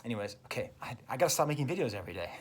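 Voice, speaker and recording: A man's voice: medium pitch, sing-song, racing, a little hiss or hum. A man, a French teacher, enthusiastically explaining song lyrics step by step in a casual video lesson. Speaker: French teacher and music reviewer.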